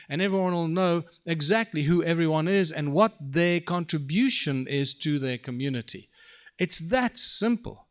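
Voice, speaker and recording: A man leads a workshop for a live audience. His voice sits fairly high, and he talks emphatically, stacking up lists and throwing rhetorical questions at the room. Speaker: workshop presenter.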